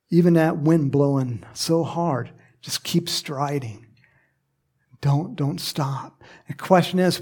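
Animated higher-voiced male pastor. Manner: animated, joking asides with the congregation. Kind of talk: sermon.

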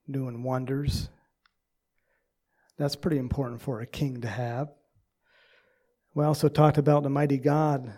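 Gravelly-voiced man preaching a sermon. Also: medium pitch, warm tone. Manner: halting, many uh fillers, storytelling. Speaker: pastor.

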